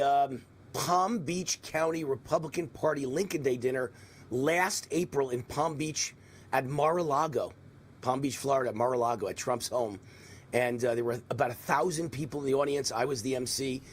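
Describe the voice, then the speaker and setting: A man in his sixties hosting a live political talk stream, with a faint New York accent and a rambling, animated manner full of mocking asides. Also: medium pitch, moderate pace. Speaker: host.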